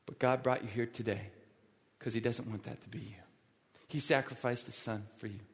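A man's voice: medium pitch, steady tone, normal speed. A male pastor preaching a sermon in a church, emphatic and pleading, repeating his points for emphasis. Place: church sanctuary. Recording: long reverb of a large hall.

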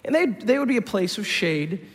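A male pastor tells a story in a loose, conversational sermon style, often stopping and restarting his phrases. His voice sits noticeably high for a man. A long hall reverb hangs on his words. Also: animated, moderate pace.

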